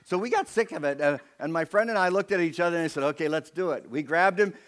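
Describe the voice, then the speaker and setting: A man's voice: fairly high pitch, fast, a bit bright. A man preaching a sermon to his church as pastor, telling a personal story and putting on voices for the people in it.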